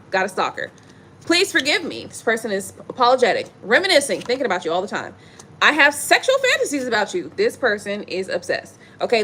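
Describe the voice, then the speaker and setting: A woman giving a casual, playful tarot reading, talking in an animated way full of slang and laughter. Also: fairly high pitch, breathy edge. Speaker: tarot reader.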